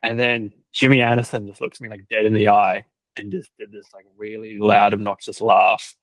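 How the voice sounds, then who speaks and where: A young man chatting casually, telling stories loaded with "like" fillers and quick laughs. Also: fairly low pitch, flat delivery, dry recording, poor audio. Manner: storytelling, lots of "like" fillers, laughs often. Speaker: cricket team videographer. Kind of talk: casual podcast chat.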